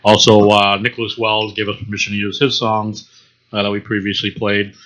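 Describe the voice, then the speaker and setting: A man with a Boston accent co-hosts a casual talk podcast, hesitating often with uh and um. His voice is a little low and has a forceful edge. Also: little pitch movement, fairly quick, rough recording. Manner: hesitant, lots of uh and um. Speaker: co-host.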